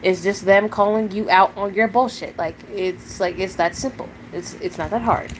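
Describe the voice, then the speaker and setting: A young woman streams live while upset and angry, swearing freely and confronting a viewer. Her voice sits at a middle pitch for a woman. A faint hiss of background noise runs under her voice. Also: fairly even intonation, moderate pace, hardly any pauses. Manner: profane, confrontational, fillers of "like".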